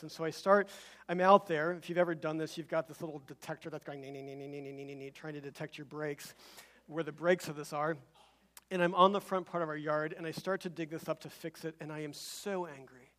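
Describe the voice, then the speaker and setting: Pastor preaching in a lightly high voice. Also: male voice, fairly bright tone. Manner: halting personal storytelling, rising to emphatic repeated phrases. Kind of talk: sermon.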